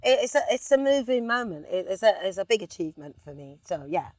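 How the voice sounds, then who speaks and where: Animated London woman in a car. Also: medium pitch, quick pace, dry recording. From England. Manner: animated storyteller, sings snippets. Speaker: singer, interview guest. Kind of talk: relaxed casual chat. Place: inside a car.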